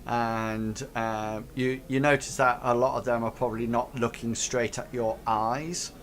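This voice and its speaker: A man narrating as game master of a tabletop game, pausing often with fillers. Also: mid-range voice, little pitch movement, a bit bright, slight background noise. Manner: hesitant, many fillers and restarts. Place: home setup, live stream.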